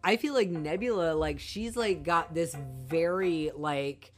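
A woman's voice: lowish voice, measured pace, soft background music. A woman co-hosting a podcast, giving her opinions on a movie in casual chat, with many fillers and restarts. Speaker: podcast co-host.

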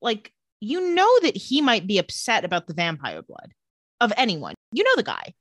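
Woman, sarcastic co-host, animated pitch, casual recap chat. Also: normal speed, no room sound. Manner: sarcastic, laughs often. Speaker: podcast co-host.

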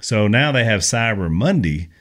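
A man hosting a podcast in casual chat, reading an ad in a relaxed, chatty way with fillers. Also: on the low side, normal speed. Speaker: podcast host reading ads.

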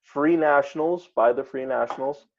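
A man's voice: medium pitch, moderate pace, highs cut off. A man co-hosting a casual chat, talking hesitantly with many ums and uhs. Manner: hesitant, many fillers while reading lists. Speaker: podcast co-host.

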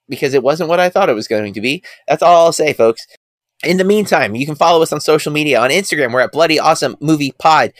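A man's voice: mid-range voice, no room sound. A man co-hosting a movie podcast, talking in a loose, rambling way full of restarts. His voice sits mid-range, and the close mic keeps it dry with no room sound. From United States. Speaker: podcast co-host. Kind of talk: casual podcast chat.

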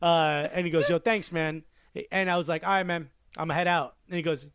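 In a relaxed podcast chat, a Newark, New Jersey man in his thirties, acting as co-host, tells a story fast and animatedly, doing the voices of the people he quotes. His voice is a bit high for a man, and the close, dry recording has no echo or room sound.

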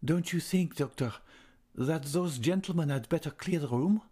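A man's voice: on the high side, very animated, normal speed, warm tone, breathy edge, voice pushed up. A man reading aloud and voicing an earnest young nobleman in a raised, eager voice.

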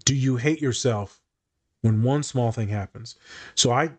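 A man's voice: medium pitch, a little slow. A young man talking casually on a podcast as a therapist, cursing freely and often repeating words as he thinks aloud. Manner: swears freely, quotes others in animated voices, repeats words.

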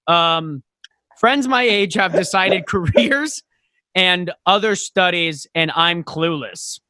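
Young guy cohosting a comedy pod, joking around, high bright voice. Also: slow, no room sound. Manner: laughs often, joking and crude. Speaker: podcast co-host reading listener questions. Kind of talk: casual comedic chat.

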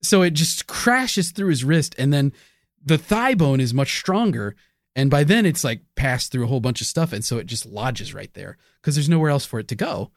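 A man co-hosting a casual podcast, weighing theories out loud with hedges and self-corrections. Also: medium pitch, animated, moderate pace, dry recording, studio quality. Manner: hedging, self-correcting, laughs often. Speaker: podcast co-host. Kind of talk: casual conspiracy podcast chat.

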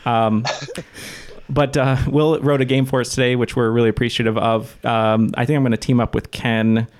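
A man's voice: medium pitch, flat delivery, moderate pace. A man hosting a casual trivia podcast, rambling with lots of fillers and laughing at himself. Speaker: podcast host.

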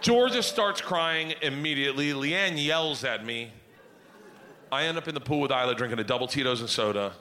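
Animated, profane stand-up comic man. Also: mid-range voice, moderate pace. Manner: profane, animated, bursts into loud voices. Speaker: stand-up comedian. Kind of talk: stand-up comedy storytelling.

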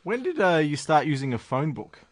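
A man's voice: a little high, sing-song, fairly quick, no echo, clean studio sound. A man hosting an interview, asking questions in an easygoing, amused way. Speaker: podcast host.

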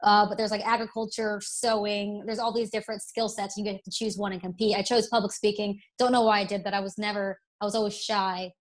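Young woman from alabama, faint southern accent, chatty guest, middle pitch, keeps restarting her sentences. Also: level tone, a little fast, few pauses. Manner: candid, chatty, self-deprecating, restarts sentences. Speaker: interview guest, broadcast presenter. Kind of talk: casual interview.

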